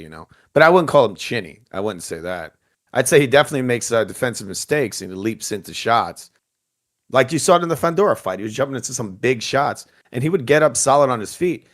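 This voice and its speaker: A man's voice: medium pitch, lively intonation, a little fast. A man co-hosting a casual boxing podcast, blunt and teasing with a joking edge. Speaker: podcast co-host.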